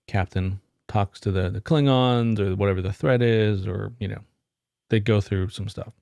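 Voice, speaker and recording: A low-pitched man with a gravelly edge talks to camera about working in tech. His delivery is casual and wry, wandering through an anecdote. The sound is dry and close. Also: normal speed, darkish tone, dry recording. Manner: wry, rambling storyteller. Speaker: IT career vlogger. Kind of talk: casual explanatory talk to camera.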